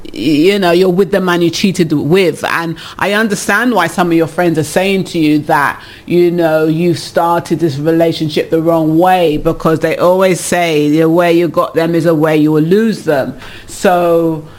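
Animated man hosting an advice show. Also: a little high, a little slow. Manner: animated, laughs often, frank opinions. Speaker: advice show host reading listener letters. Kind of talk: casual advice chat.

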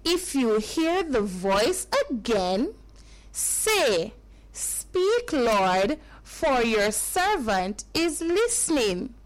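Gentle old priest giving advice, as a lady reads him out, high and slow. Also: big pitch swings, full character voice, poor audio. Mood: instructing. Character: old male priest, calm and patient.

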